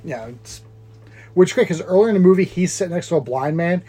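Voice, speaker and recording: A man with a slightly higher voice co-hosts a casual podcast, rambling through a movie recap. He laughs often and acts out lines from the film as he goes. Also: racing, dark tone, slightly rough. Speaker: podcast co-host.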